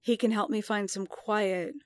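A woman's voice: medium pitch, fairly even intonation, a little slow, no echo, close to an everyday voice. A woman voicing a proud, worried male warrior who speaks in short, clipped lines, read aloud from a story. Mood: tense. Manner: clipped, tight-lipped.

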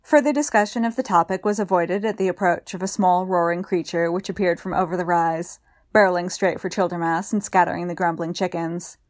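Low-voiced woman reading a story aloud. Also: steady tone, a little fast, dry recording, studio quality. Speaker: story reader. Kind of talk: audiobook narration.

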